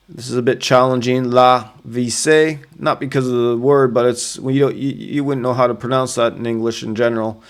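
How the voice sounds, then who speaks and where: A Canadian man talking in a casual explainer vlog, carefully sounding out place names with many pauses and fillers. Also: medium pitch, flat delivery, clear, resonant tone. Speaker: solo hiker sharing advice.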